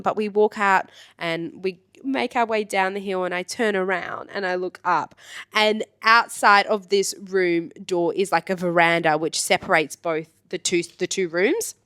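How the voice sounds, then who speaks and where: A woman co-hosting a podcast, telling a wild story in a casual, animated way and acting out the people in it. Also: mid-range voice, unhurried, no echo, clean studio sound. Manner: animated, acts out voices in her stories. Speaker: podcast co-host, trip manager.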